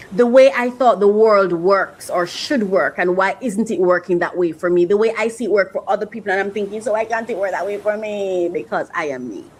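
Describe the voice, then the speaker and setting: A woman's voice: mid-range voice, a little hiss or hum, rough recording. A woman hosting a podcast, talking earnestly and reflectively, often repeating herself and getting emotional. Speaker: podcast host.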